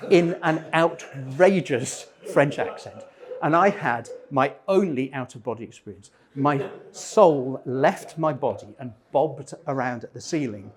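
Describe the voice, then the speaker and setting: A man's voice: mid-range voice, expressive, measured pace. A retired man in his sixties telling humorous, self-deprecating stories about his life to a church group. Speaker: speaker at a men's breakfast.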